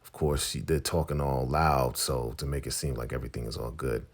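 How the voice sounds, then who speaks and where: A man casually recapping a TV episode, telling the story in an animated way and acting out the scenes as he goes. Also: rumbling low, brisk. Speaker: TV recap vlogger.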